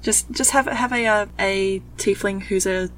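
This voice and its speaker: A woman's voice: mid-range voice, unhurried, a bit bright, slight background noise, rough recording. A woman guest on a podcast, chatting enthusiastically. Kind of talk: casual chat.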